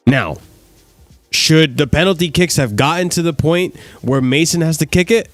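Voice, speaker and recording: A man's voice: fairly high pitch, moderate pace, no room sound, faint music behind. A man hosting a fan talk show, giving blunt opinions and speaking directly to his viewers. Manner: opinionated, talks to a chat viewer. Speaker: host of a football fan show.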